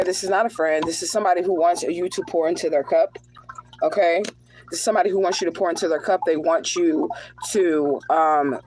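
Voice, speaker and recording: A woman with a lowish voice gives a live tarot reading that turns into a rant, speaking bluntly and swearing heavily as a spiritual reader. Background noise is audible.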